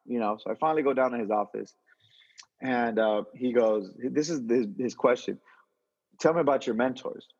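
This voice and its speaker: A man's voice: mid-range voice, moderate pace, darkish tone, breathy edge, big-room sound. A man being interviewed, casually telling a long story with lots of restarts and slang. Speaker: interview guest, entrepreneur. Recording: dull lo-fi audio.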